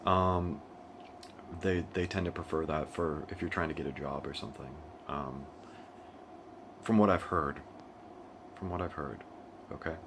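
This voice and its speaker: A young man from the United States talks off the cuff in a very low voice, tripping over his own sentences and laughing as he goes. A faint hiss of noise sits under the recording. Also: steady tone, unhurried, long pauses. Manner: rambling, with frequent restarts and laughs. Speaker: vlogger. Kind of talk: casual monologue. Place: living in Asia.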